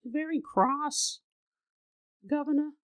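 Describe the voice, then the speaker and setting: A man's voice: fairly even intonation, slow pace, a bit bright, heavily acted. A man doing a frightened little girl. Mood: insistent. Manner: high, small, pleading child voice. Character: scared three-year-old girl.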